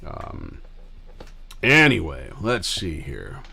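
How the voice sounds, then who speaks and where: A man's voice: low voice, huge pitch swings, very slow, creaky, pushed and bright, breathy edge. A middle-aged man hosting a livestream, chatting casually with viewers in a rambling, scattered way and swearing freely. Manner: rambling and scattered, loose with profanity. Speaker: livestream host.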